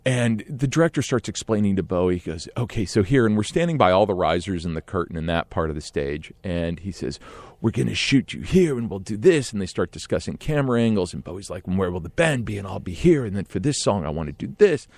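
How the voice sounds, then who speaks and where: A man telling a long anecdote as a podcast guest, animated and acting out other people's lines with hushed and loud voices. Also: low-pitched, a little fast, no echo. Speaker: guest storyteller.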